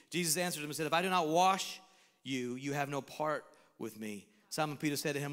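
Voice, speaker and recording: A man preaching a sermon as pastor, animated, swinging between shouted lines and hushed asides. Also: fairly high pitch, a little fast, in a large hall. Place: church sanctuary.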